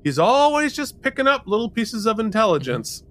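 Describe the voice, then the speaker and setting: A man with a slightly high, bright voice chats through an episode recap. His pitch swings widely as he talks. He quotes scenes with animated energy. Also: brisk. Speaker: podcast co-host. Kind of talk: casual chat.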